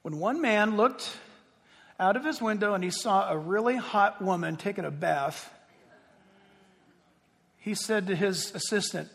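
High-voiced man preaching a sermon. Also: measured pace, gravelly, pauses often. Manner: emphatic preaching, swinging from loud to hushed. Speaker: pastor. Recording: long hall reverb.

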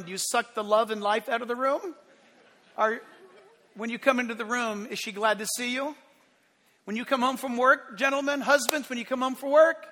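A male pastor delivers a sermon with a high, bright, forceful voice. He rises into emphatic bursts and drops to quiet asides. The sound carries the long reverb of a church hall.

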